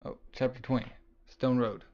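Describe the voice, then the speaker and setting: A man's voice: mid-range voice, fairly even intonation, normal speed, lo-fi sound. A man casually reading a comic aloud and reacting, loose and rambling with lots of fillers.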